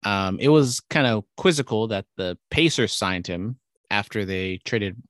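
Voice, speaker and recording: A man's voice: fairly low pitch, unhurried, a bit bright, no room sound, studio quality. A young man co-hosting a casual podcast, rambling through sports opinions and teasing his co-host. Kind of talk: casual chat.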